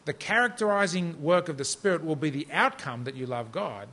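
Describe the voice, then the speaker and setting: Middle-aged aussie guy preaching, kinda high voice, chatty storytelling sermon. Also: expressive, brisk, pushed and bright. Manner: conversational, self-deprecating storytelling.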